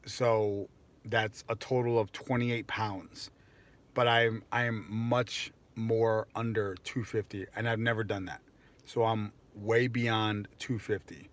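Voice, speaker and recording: Rambling young American man streaming live. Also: fairly low pitch. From United States. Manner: rambling, filler-heavy, self-mocking. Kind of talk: casual live-stream chat.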